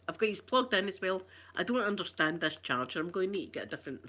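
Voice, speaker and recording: A middle-aged woman with a broad Scottish accent chats through a casual live stream. Her voice is bright and forward. She reads out viewer comments, answers them with warm banter and laughs often. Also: mid-range voice, very animated, fast talker, hardly any pauses. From Scotland. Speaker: ASMR channel host.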